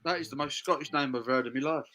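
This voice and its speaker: A man's voice: fairly high pitch, fast talker, pushed and bright, low-quality recording. A man doing a playful, hammy dramatic reading of a beer label, laughing a lot.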